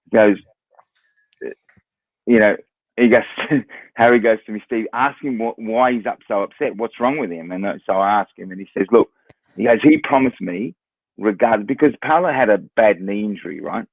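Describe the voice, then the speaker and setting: A man's voice: fairly low pitch, normal speed, gravelly, no echo. Australian man telling stories over a phone-like line. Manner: anecdotal, repeats words, acts out quotes. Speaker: former footballer, guest. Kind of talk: casual storytelling.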